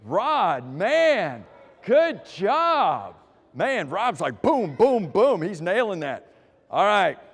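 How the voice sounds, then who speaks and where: A man's voice: sits high, big pitch swings, extremely slow, fairly bright tone, in a large hall. A man leading a church class through quiz questions, joking with the people who answer and calling on them by name. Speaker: Bible class teacher.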